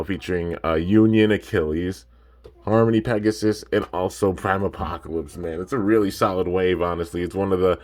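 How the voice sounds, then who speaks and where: A young man with a very deep voice chats his way through an unboxing. He rambles in a relaxed, unhurried way, filling gaps with "man" and "like," and sounds a little sleepy. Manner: laid-back, rambling, peppered with "man" and "like". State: a bit sleepy. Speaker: toy reviewer. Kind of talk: casual unboxing chat.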